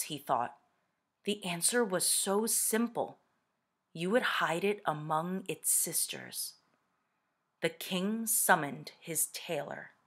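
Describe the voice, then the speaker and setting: A woman teacher reading a picture book aloud to students, expressive and deliberate. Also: sits low.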